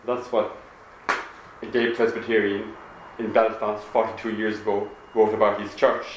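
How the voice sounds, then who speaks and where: A man giving a public talk to an audience, reading and quoting from a pamphlet in a measured, explanatory manner. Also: fairly low pitch, little pitch movement, noisy background. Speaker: public speaker. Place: meeting room with an audience. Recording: echoey room with faint ambience.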